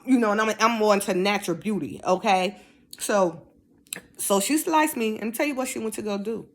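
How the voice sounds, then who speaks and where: A middle-aged woman casually telling a personal story, acting out the dialogue in a raised voice. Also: on the high side. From United States. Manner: animated, acts out dialogue in raised voice.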